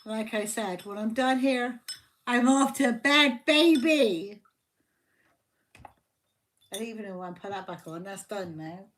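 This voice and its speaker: Slow, bright-voiced, swearing woman. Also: a little high, expressive, slight background noise. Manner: profane, blunt and joking. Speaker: tarot reader. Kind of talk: casual live tarot reading. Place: home livestream.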